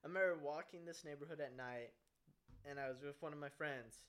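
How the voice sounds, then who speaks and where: A young man co-hosting a casual podcast, his voice sitting a little high for a man. He talks in an animated, joking way and swears freely as he tells stories. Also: a little fast. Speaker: podcast co-host. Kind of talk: casual chat.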